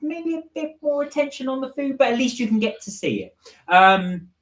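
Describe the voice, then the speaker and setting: A man's voice: extremely high pitch, expressive, normal speed, a bit bright, echoey room. A man co-hosting a casual live stream from home, chatty and laughing often as he reads out viewer comments. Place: home, indoors.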